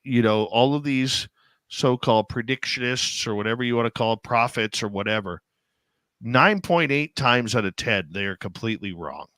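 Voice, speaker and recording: A man's voice: medium pitch, normal speed, bright, forceful tone, no room sound. A man hosting a talk radio show, rambling and sarcastic, firing off rhetorical questions. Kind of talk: casual talk radio banter.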